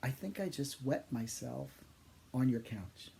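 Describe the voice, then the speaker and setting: A man voicing an excited adult woman client who talks in a breathless, eager rush. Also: medium pitch, unhurried, vocal fry, slight background noise. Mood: sheepish.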